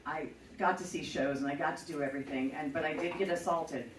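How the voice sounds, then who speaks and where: A woman's voice: low voice, steady tone, fast talker, echoey room, distant mic, heavy background noise. A middle-aged woman hosting a show, telling a personal story in a chatty, profane, self-mocking way. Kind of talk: casual storytelling.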